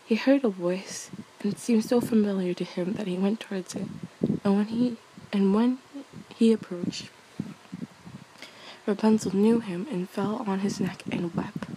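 A young woman reading a fairy tale aloud as a bedtime story, softly and casually, laughing at her own slips. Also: mid-range voice, unhurried, noisy background.

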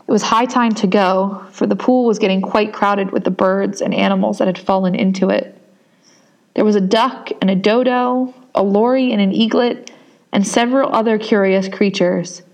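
A woman narrating a storybook aloud in a gentle, measured way. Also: medium pitch, fairly even intonation.

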